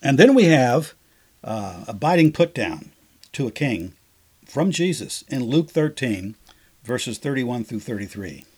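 A man's voice: mid-range voice, big pitch swings, measured pace, a little mellow, breathy edge. A man teaching on a Bible passage in a conversational, explanatory way, with casual phrasing.

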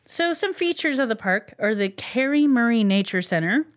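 A woman's voice: fairly high pitch, animated, moderate pace. A woman co-hosting a casual podcast, reading out researched facts with frequent ums and uhs and laughing easily. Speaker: podcast co-host presenting a researched topic. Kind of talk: casual chat.

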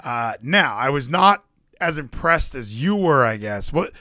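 A man co-hosting a casual wrestling podcast, rambling and excitable, with the odd swear. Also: mid-range voice, measured pace, no room sound, studio quality. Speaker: podcast co-host.

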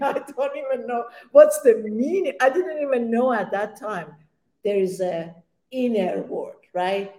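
A woman's voice: medium pitch, mellow, reverberant, poor audio. A woman on a round-table panel, a healer and coach, telling her own story and acting out the dialogue in it.

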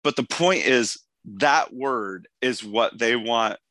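Hoarse male host, eager and chatty, dry studio sound. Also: medium pitch, takes it slowly, bright, forceful tone, no echo. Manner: enthusiastic, rambling with restarts. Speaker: podcast host. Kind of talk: casual episode discussion.

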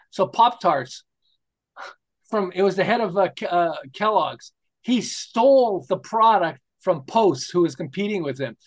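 A man in his sixties from the United States, an interview guest telling stories with laughs and rhetorical questions. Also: sits high. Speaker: interview guest, marketing specialist. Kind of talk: enthusiastic casual interview talk.

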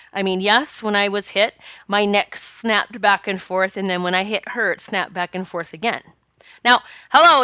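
Bright, crisp-voiced woman podcaster. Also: medium pitch, no room sound, studio quality. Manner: animated, chatty, talks straight to listeners. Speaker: podcast host. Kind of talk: personal storytelling monologue.

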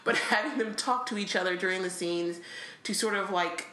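A woman's voice: medium pitch, normal speed, bright, forceful tone, roomy sound. A woman co-hosting a podcast, chatting casually about a book, with frequent laughs and fillers. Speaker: podcast co-host.

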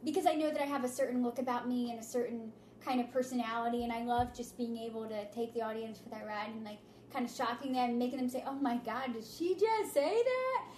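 High-voiced woman, echoey room. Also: quick pace, hardly any pauses, a little hiss or hum. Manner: enthusiastic, acts out quotes in a lively voice. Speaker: podcast panelist. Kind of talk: casual chat.

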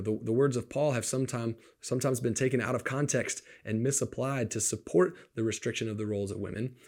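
A man's voice: medium pitch, darkish tone. A man preaching a sermon in an earnest, conversational way, asking his listeners rhetorical questions.

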